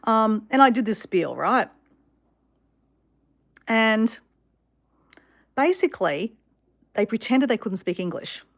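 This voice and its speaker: A woman telling a story to her viewers in a chatty, animated way with many fillers. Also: fairly high pitch, slow pace, pauses often. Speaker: vlogger.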